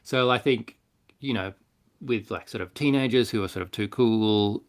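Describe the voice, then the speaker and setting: A man's voice: on the low side, normal speed. An Australian man, a clown doctor and performer, casually telling stories on a podcast and acting out the voices of people in them. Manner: animated, acts out quoted voices in stories. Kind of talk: casual conversational storytelling.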